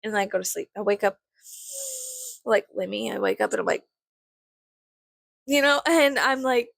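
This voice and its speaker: A woman's voice: mid-range voice, normal speed, vocal fry, a bit bright, no echo, studio quality. A young woman rambling casually to camera, swearing freely and acting out her own thoughts with self-mocking humor. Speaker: vlogger.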